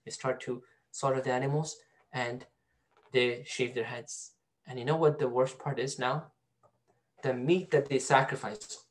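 A man's voice: medium pitch, measured pace. A male teacher giving a storytelling Quran lesson to a class, often asking students questions. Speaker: Islamic studies teacher.

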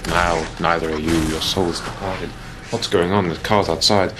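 Male let's play host, low voice, chatty and self-mocking, steady hiss behind him. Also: moderate pace. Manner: rambling, self-mocking, jokey. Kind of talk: casual gameplay commentary.

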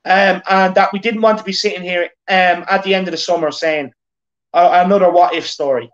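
A man's voice: high-pitched, fairly even intonation, brisk, fairly bright tone. An Irish man around thirty hosting a football fan show, talking earnestly and repeating himself as he rallies the fans. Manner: earnest, repetitive, rallying the fans. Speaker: fan channel host. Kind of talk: casual football rant. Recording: dull lo-fi audio.

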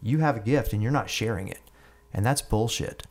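A man's voice: on the low side, fairly quick, natural voice. A man voicing a tipsy male friend at a bar who keeps pressing and scolding, repeating "man".

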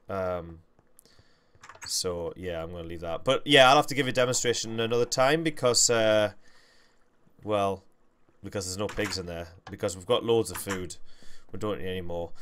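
A man's voice: low voice, a bit bright, slight background noise. A young man, hosting a game livestream with rambling, self-correcting, jokey commentary. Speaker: gaming livestream host.

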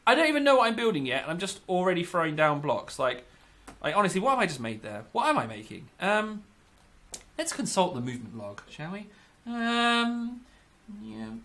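A let's-play YouTuber who is a bit sick and under the weather rambles and giggles while building in a game, mocking himself. His voice is high, sing-song and fairly bright, at a normal speed.

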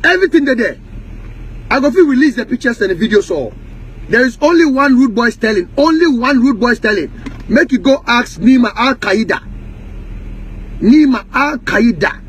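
A man with a strikingly high voice and a Ghanaian Pidgin English accent lets loose in a heated rant. He curses freely and hammers the same accusations again and again. A faint hum of noise sits under his voice. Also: animated, moderate pace, low-quality recording. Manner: heated, profane, repetitive accusations. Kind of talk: angry rant.

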